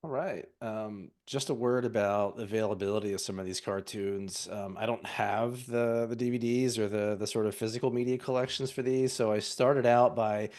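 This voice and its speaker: A man co-hosting a podcast, explaining things at an even, measured clip. His voice sits low and plain. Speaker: podcast co-host. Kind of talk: casual chat.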